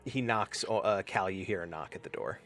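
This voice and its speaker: A man's voice: deep voice, a little fast, a bit bright, faint music behind. A man narrating as game master, speaking loosely with fillers and restarts.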